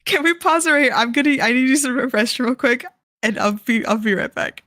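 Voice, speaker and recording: A woman's voice: high-pitched, fairly quick, sharp tone, dry recording, studio quality. A woman co-hosting a stream, teasing and giggling as she chats. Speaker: co-host streamer. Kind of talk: casual stream chat.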